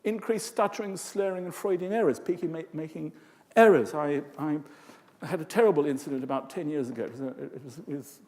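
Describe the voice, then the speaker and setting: An older man gives a lively conference talk, acting out voices and asides as he goes. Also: a little high, fairly quick. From England. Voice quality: expressive, lively delivery with vocal demonstrations and asides. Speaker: conference speaker. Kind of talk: lecture to a live audience. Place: large conference hall. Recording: reverberant hall.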